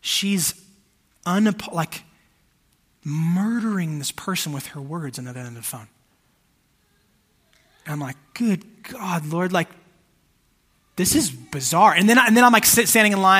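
A man's voice: on the high side, expressive, moderate pace, pauses often, bright, forceful tone. A man in his thirties preaching a sermon in a casual, conversational way, with fillers and asides to the congregation. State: emotional, holding back tears. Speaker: pastor.

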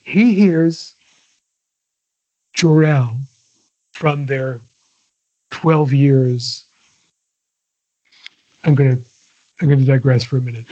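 Older man, husky voice, digressive. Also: medium pitch, slow pace, long pauses, dark tone. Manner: digressive, many restarts, chuckling. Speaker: guest. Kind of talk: casual interview chat. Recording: dull lo-fi audio.

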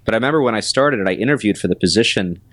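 Deep-voiced man telling a slow story. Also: animated, a bit bright, no echo, soft background music. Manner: measured, many ums and pauses. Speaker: restaurant general manager, guest. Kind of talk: casual interview storytelling.

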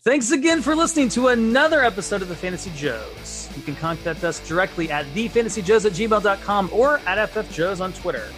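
A man's voice: high-pitched, animated, brisk, hardly any pauses, music in the background. A man hosting a fantasy football podcast, reading a jokey, upbeat outro. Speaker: podcast host.

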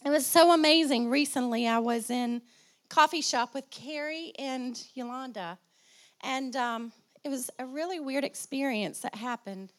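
A woman pastor with a high, light voice preaches to her congregation. She repeats phrases for emphasis and calls out for responses, and a slight cough sits in her throat. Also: a little slow. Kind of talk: sermon.

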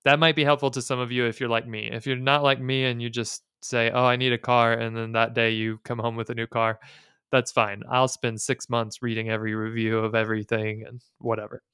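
Male podcast co-host, thirties, chatty and joking, crisp clear tone. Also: medium pitch, little pitch movement, a bit bright, no room sound, studio quality. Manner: chatty, quick asides and jokes. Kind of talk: casual chat.

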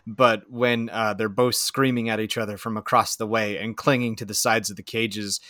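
A man chatting casually as a podcast guest, telling long, halting stories full of restarts. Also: fairly low pitch, little pitch movement, sharp tone, dry recording, clean studio sound. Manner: rambling, halting storytelling with many restarts. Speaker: podcast guest, bird owner. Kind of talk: casual chat.

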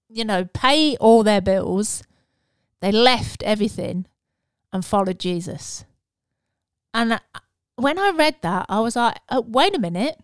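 A woman's voice: a little high, clear, resonant tone, dry recording. Earnest woman giving a casual sermon. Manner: earnest, conversational, with fillers and restarts. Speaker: preacher.

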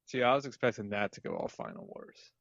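A man's voice: mid-range voice, fairly quick, a bit bright, no room sound. A man co-hosting a casual chat, dropping dry, sarcastic asides. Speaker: podcast co-host. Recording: dry, dull lo-fi mic.

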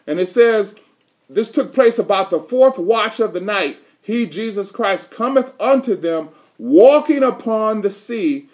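A man's voice: sits high, expressive, a little slow. A male preacher delivering a sermon, reading scripture aloud and quizzing his congregation with fill-in questions in an emphatic way. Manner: reads scripture aloud in King James wording.

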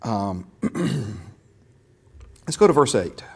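A man's voice: fairly low pitch, sing-song, slow, darkish tone, slightly rough. A man teaching a Bible class in a casual way, often repeating words and quizzing his listeners.

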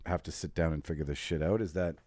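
A man's voice: a bass voice, steady tone, fast, darkish tone, no echo, clean studio sound. A man hosting a casual film podcast, pressing the others with questions and calling himself a movie snob. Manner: pushy, questioning, self-described movie snob. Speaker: podcast host.

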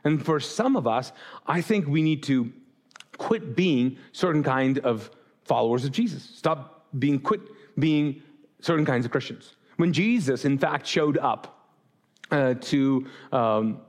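A man's voice: medium pitch, animated, takes it slowly. A man preaching a sermon as pastor to a live congregation, casual and joking, drawing the audience in to answer him. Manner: casual, joking, talks back and forth with the congregation. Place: church auditorium before a congregation.

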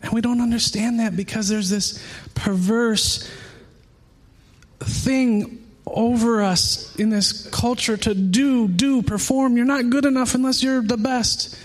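A man with a notably high voice delivers a sermon in a warm, conversational way. He speaks earnestly and with feeling, weaving personal testimony into his preaching. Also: fairly even intonation, slow pace. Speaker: pastor.

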